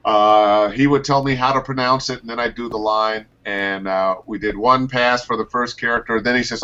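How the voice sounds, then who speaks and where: A man, a voice actor, telling stories from his career in a casual interview over a video call, his pitch leaping up and down as he talks. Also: normal speed, hardly any pauses, highs cut off. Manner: animated storyteller, pitch leaps up and down. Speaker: voice actor guest.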